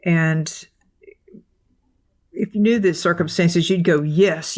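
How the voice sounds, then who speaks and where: A woman co-hosting a faith podcast, telling a personal story in an animated way and acting out what people said. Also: on the low side, slow pace. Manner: animated storytelling, acts out quotes. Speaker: podcast co-host. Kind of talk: casual devotional discussion.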